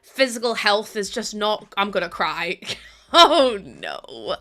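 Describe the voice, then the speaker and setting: A woman's voice: medium pitch, big pitch swings, slow, bright, forceful tone, soft background music. A young woman chatting casually on her live stream, worn out, chatty and prone to giggling as she thanks viewers. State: tired.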